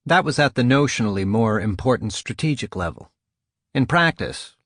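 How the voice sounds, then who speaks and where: A man narrating a nonfiction audiobook in a measured, even reading style. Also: medium pitch, dry recording, studio quality.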